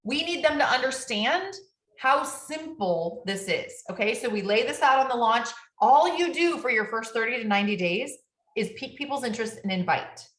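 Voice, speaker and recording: Energetic woman team coach, fairly high voice, keeps asking "right?", roomy echo. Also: moderate pace. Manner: upbeat, energetic, ends points with tag questions. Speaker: business team trainer.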